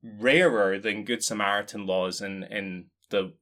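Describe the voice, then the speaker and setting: A man's voice: on the low side, steady tone, unhurried, sharp tone. A man co-hosting a casual discussion, explaining points in a wry, joking way. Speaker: podcast co-host.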